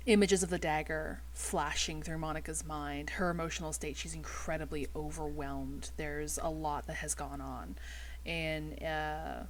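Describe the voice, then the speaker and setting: A woman narrating as game master of a tabletop game, unhurried and with many fillers. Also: sits low, slight background noise, poor audio.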